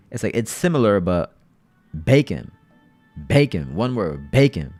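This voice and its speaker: A man's voice: on the low side, very animated, a little slow, pauses often, a little mellow, faint music behind. A man hosting a livestream, chatting casually with viewers in loose slang and often repeating his phrases. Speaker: livestream host.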